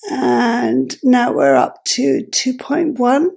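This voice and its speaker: Woman, vlogger, croaky voice, breathy whispered breaks, slow halting speech, heavy vocal fry. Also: fairly high pitch, very animated, a little mellow. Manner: slow, halting, self-correcting. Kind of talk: explaining while adjusting a device.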